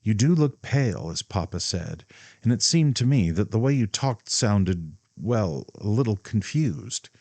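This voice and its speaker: A man voicing a spirited young woman who teases gently in a light, raised voice. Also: on the low side, lively intonation, measured pace, no echo, voice pushed up. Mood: teasing.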